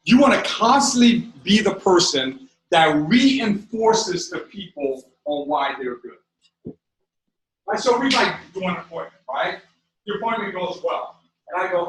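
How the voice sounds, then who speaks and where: A man giving a live sales training seminar, energetic, checking in with his audience and acting out conversations. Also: high-pitched, unhurried, slight background noise. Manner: acts out dialogue with quoted voices. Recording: echoey room, mic far off.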